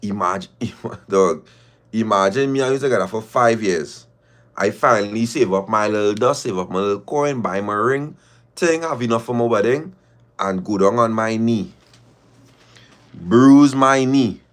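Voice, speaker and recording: A man's voice: on the low side, normal speed, fairly bright tone. A man hosting a casual live stream, talking emphatically, repeating phrases and firing rhetorical questions.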